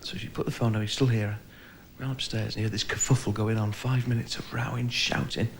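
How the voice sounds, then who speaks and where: A man's voice: fairly low pitch, little pitch movement, fairly quick, creaky. A man from England doing live stand-up with a northern English accent, bantering cheekily with the audience and acting out the voices of his characters. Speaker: stand-up comedian. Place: comedy club before a live audience. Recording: live recording with crowd and room noise.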